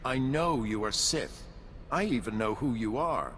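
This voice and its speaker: A dignified Jedi Master from a video game who speaks with calm, formal composure. His tone is bright and his pitch moves freely. The voice carries a long reverb. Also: a little slow, a little hiss or hum.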